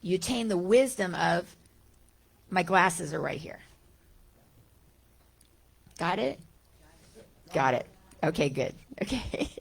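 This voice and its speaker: A woman teacher gives a reflective spiritual talk, speaking conversationally and posing rhetorical questions to her listeners. Her voice is lowish, with vocal fry.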